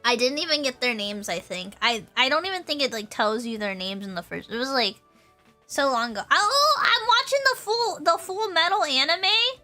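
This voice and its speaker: A woman's voice: sits high, animated, normal speed, sharp tone, faint music behind. A young woman streamer in casual chat with her viewers, bubbly and rambling, laughing often and repeating herself.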